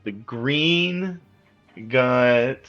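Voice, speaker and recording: A man narrating as game master, relaxed and full of fillers. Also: medium pitch, drawn-out words, highs cut off, faint music behind.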